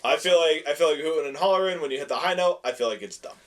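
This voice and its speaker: A man's voice: on the high side, rapid-fire. A man with a slight lisp, co-hosting a casual podcast chat, rambling and restarting as he gives his opinions. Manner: rambling, self-correcting, animated opinions. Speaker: podcast co-host.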